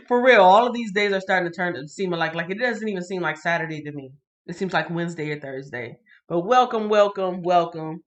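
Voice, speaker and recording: A woman with a fairly low voice hosts a casual livestream Bible reading. She keeps it chatty and lively, reads a passage, then breaks off to greet viewers by name. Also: fairly quick.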